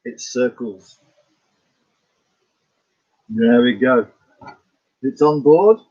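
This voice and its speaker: Middle-aged Scottish artist vlogger, husky, muffled lo-fi sound, chatty and self-amused. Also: male voice, medium pitch, animated, drawn-out words, darkish tone. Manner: rambling, chuckling, talks to himself. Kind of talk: casual chat about his paintings.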